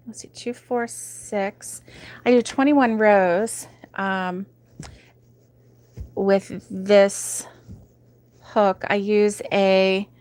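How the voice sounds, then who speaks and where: A woman hosting a crochet livestream from home, chatting casually and giggling often as she reads viewer comments. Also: mid-range voice. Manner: chatty and giggly, with many ums.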